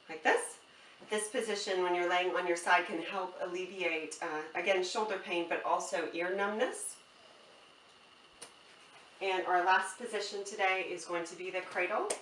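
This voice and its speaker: Woman, lowish voice, easygoing product demo, mic set back in an echoey room. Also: a little hiss or hum. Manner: relaxed, explaining step by step with fillers. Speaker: product demonstrator. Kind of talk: casual product demonstration. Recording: roomy, from a distance, faint ambience.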